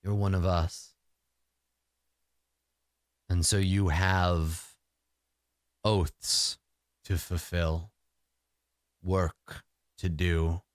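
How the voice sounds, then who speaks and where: Casting: man doing a towering antlered forest spirit, deep and resonant, grave and sad, very slow, dry close sound. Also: smooth, dry recording. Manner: slow, grave, measured speech.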